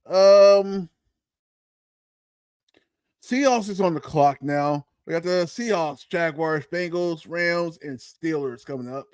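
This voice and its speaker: A man with a fairly high voice hosts a casual watch-along stream, chatting in a relaxed, halting way full of fillers. He talks slowly and unhurriedly. The sound is dry and close, with no room echo. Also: smooth. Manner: laid-back, halting, many fillers. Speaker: livestream host.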